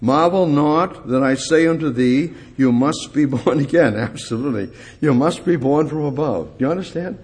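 A man's voice: on the high side, normal speed, hardly any pauses, darkish tone. A male preacher delivering a sermon, emphatic, repeating key words and putting questions to his congregation.

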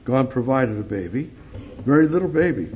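A man preaching a sermon, speaking directly to God and repeating short phrases, swinging between loud emphatic lines and soft, hushed ones. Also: medium pitch, animated, normal speed. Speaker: pastor.

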